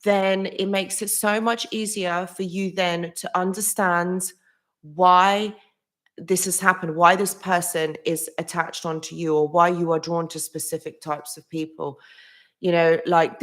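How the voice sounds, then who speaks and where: Her pitch sits fairly low, her tone steady, her pace a little slow. Hosting a psychology live stream, this woman greets viewers by name in a casual chat, peppering her talk with "like" and "literally" while restarting often and laughing softly.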